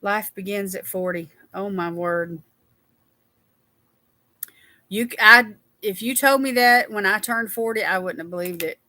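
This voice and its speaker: A woman's voice: medium pitch, unhurried, pauses often, pushed and bright, no echo. A woman, chatting casually with viewers as a livestream host and reading their names aloud. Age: 60s.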